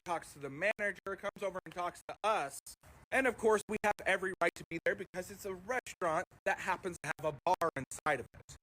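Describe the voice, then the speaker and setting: A middle-aged man casually telling a fast, profane story on a livestream, acting out the people in it. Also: high voice, a bit bright, poor audio. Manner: fast, profane, acts out quoted voices.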